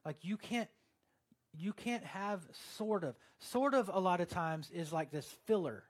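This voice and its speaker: A man's voice: sits high, measured pace. A man preaching a sermon in a casual, conversational way, with lots of fillers and quoted asides. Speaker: pastor.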